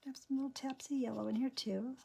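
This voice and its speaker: A woman's voice: sits high, fairly even intonation, a little fast, creaky, darkish tone, slightly rough. A woman teaching a painting class, talking through each brushstroke as she works. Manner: chatty, narrates each brushstroke aloud. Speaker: painting instructor. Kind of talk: live painting lesson.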